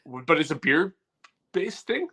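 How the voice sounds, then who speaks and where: Animated man on a podcast. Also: a little high, slow pace, breathy edge. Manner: animated, rambling, laughs often. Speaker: podcast co-host. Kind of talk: casual comedy podcast chat.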